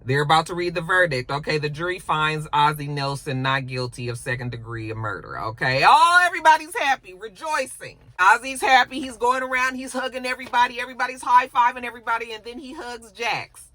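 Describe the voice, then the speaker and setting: This is a chatty show reviewer walking through an episode in an easygoing vlog. The voice has a bright, forward edge and stays casual and colloquial throughout. They slip in quick impressions of the characters as they retell the scenes. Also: mid-range voice, steady tone, no echo. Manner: chatty, colloquial, acts out quoted lines.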